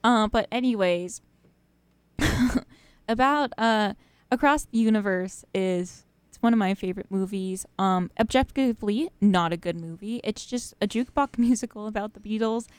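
A woman's voice: mid-range voice, normal speed, smooth, no room sound. Chatty young woman DJ on college radio. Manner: chatty, rambling, laughs often, many fillers. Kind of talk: casual radio chat between songs. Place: radio studio.

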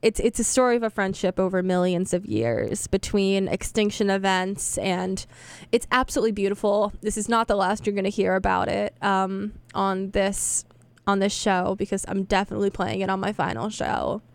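A woman's voice: mid-range voice, normal speed, vocal fry, smooth. A young woman hosting a radio show, chatting casually between songs in a rambling, self-deprecating way, full of fillers and restarts. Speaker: radio host.

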